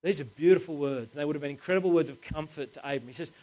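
A man's voice: a little high, quick pace, hardly any pauses. A man reading scripture aloud, then explaining it in a casual, earnest, conversational way. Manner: earnest, conversational, restarts often. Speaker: Bible teacher. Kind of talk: casual Bible teaching.

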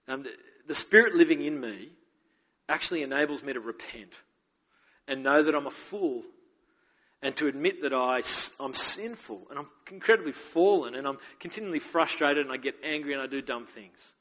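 Pastor, male, slightly higher voice, candid, chatty sermon delivery; dull recording with long hall reverb. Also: expressive, a little fast, bright, forceful tone. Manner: candid, conversational, self-mocking storytelling.

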